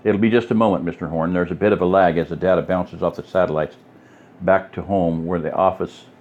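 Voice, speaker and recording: Efficient young woman aid worker, voiced by a man, businesslike, low voice lifted a little, muffled recording. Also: fairly even intonation, brisk, natural voice. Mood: brisk. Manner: efficient, industrious.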